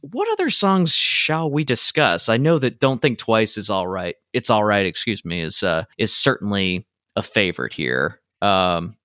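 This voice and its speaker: A man hosting a music podcast, talking in a measured, thoughtful way with occasional fillers. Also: on the low side, very animated, pushed and bright, dry recording, clean studio sound. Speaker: podcast host. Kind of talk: casual music podcast chat.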